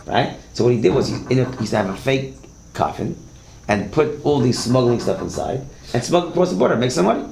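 With a medium-pitched, slightly mellow voice and some vocal fry, the teacher leads a Torah class through stories told conversationally. He repeats words and questions the class, and the recording has echo and faint hiss.

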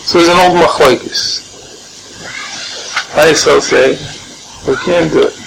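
A man teaching an informal Torah class, animated and joking, sprinkling in Hebrew and Yiddish terms. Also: on the high side, slow pace, vocal fry, pauses often. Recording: noisy room recording.

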